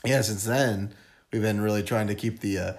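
A man co-hosting a podcast in casual chat, animated and quick to laugh, cursing casually as he tells stories. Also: lowish voice. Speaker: podcast co-host.

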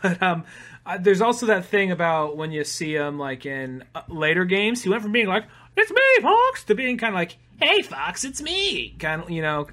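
A man's voice: sits high, fairly quick, a bit bright. A man co-hosting a podcast in casual chat, rambling with fillers and swearing now and then. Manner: rambling, many fillers and restarts, profane. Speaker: podcast co-host.

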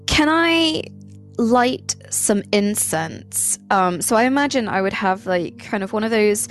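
A woman player in a tabletop game, talking through what her character does. She speaks casually and hesitantly, searching for words, in a mid-pitched voice. Faint music plays behind her. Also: animated, measured pace. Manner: hesitant, chatty.

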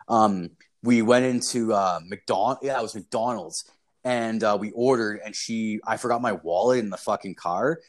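A man in his thirties hosting a casual podcast, telling rambling stories and swearing constantly. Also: lowish voice. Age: 30s. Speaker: podcast host.

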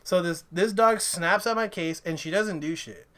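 A young man on a casual podcast, rambling through profane, animated stories. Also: high-pitched, moderate pace. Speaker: podcast co-host. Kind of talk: casual chat.

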